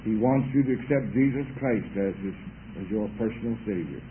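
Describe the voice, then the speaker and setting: A man preaching a sermon, talking emphatically and building up to loud exhortation. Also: fairly low pitch, fairly quick, a little hiss or hum. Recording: tinny lo-fi radio broadcast.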